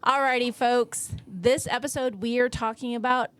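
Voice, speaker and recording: A woman co-hosting a movie podcast, talking casually in quick, chatty bursts. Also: a little high, fairly even intonation, no room sound. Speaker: podcast co-host.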